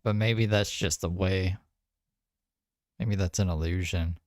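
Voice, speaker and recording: A man's voice: sits low, fairly even intonation, unhurried, a little mellow, no echo, clean studio sound. A man giving casual, wry commentary on videos, musing aloud and talking to his viewers.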